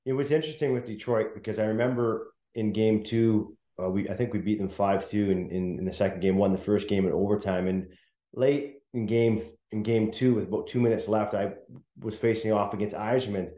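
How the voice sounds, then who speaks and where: A man's voice: on the low side, steady tone, a little fast, dark tone, roomy sound. A middle-aged man, a former hockey player, telling laughing stories as a guest in a casual interview. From Canada. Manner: laughs often, chatty, many restarts.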